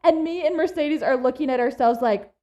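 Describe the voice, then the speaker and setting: Animated young woman telling a story. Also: high-pitched, brisk. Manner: animated storytelling, laughs often. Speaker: labor and delivery nurse sharing her birth story. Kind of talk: casual chat.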